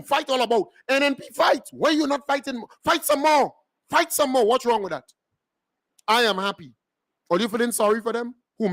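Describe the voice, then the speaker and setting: A man's voice: high voice, fairly bright tone, no room sound, studio quality. A man with a Grenadian accent hosting a show, delivering a mocking political rant full of emphatic repetition.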